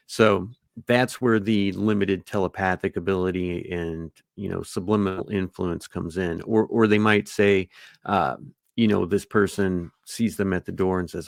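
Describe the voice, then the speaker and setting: A man co-hosting a podcast in relaxed, casual chat, now and then acting out quoted lines. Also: sits low, moderate pace, creaky, no room sound, studio quality. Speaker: podcast co-host.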